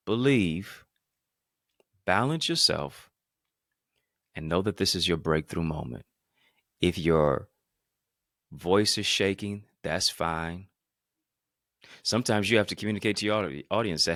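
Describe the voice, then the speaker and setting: A man giving an energetic motivational talk to a live-stream audience, emphatic and repetitive, calling on listeners to answer in the chat. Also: deep voice, a little slow, long pauses, dry recording, studio quality. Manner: emphatic and repetitive, punching key phrases; calls on listeners to respond in the chat. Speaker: motivational speaker and podcast host.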